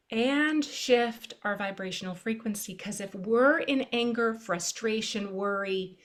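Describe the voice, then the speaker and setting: A middle-aged woman, a pediatric neurologist, explaining a calming technique in a gentle, storytelling way during an interview. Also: mid-range voice. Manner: gentle, storytelling, drops to a soft hush. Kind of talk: conversational interview.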